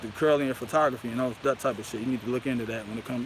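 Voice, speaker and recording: A man's voice: medium pitch, steady tone, very fast, noisy background. A man rambling grandly and profanely into a handheld phone outdoors, peppering his talk with "you know what I mean". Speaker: vlogger.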